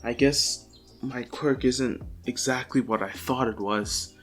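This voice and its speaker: A man's voice: medium pitch, steady tone, slow, fairly bright tone, soft background music. A man voicing an earnest, anxious teenage boy hero who stammers. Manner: stammering, worried.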